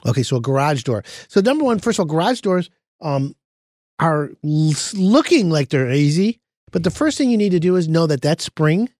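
A man hosting a casual podcast as a contractor, telling animated stories and giving plain advice. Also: on the high side, no echo, studio quality. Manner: animated storytelling with laughs.

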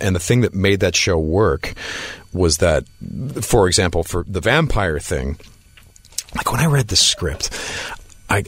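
A man with a very low voice tells an interview story, acting out the other people in it and tripping over his restarts. The sound is dry and close, with no room around it. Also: no room sound. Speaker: actor guest.

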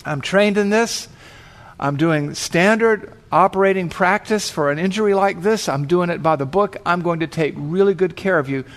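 A man voicing a calm woman paramedic who explains patiently and reassures an injured biker, told as a story within a sermon. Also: high-pitched, normal speed, close to an everyday voice. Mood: reassuring.

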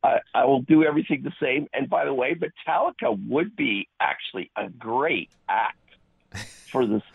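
A gravelly, husky middle-aged man from Ontario calls in over a dry, tinny phone line. He rambles in a chatty way, piling on detail after detail. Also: mid-range voice, lively intonation, moderate pace, no room sound. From Ontario, Canada. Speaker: caller. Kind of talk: phone call-in.

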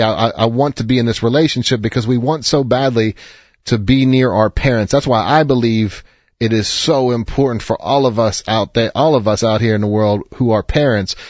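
A man's voice: mid-range voice, a little mellow, no echo. Earnest man giving advice, dry dull sound. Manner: earnest, reassuring, with frequent restarts. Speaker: advice show host.

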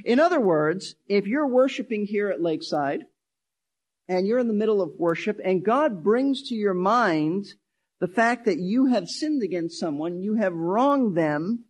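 A man's voice: high-pitched, lively intonation, normal speed, darkish tone. A pastor preaching a sermon, emphatic, repeating key phrases and shifting his pace.

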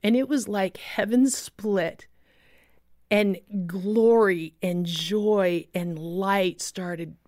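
A woman's voice: medium pitch, extremely slow, darkish tone, no echo. Woman telling a faith story, earnest, lots of restarts, dry close sound. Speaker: guest storyteller.

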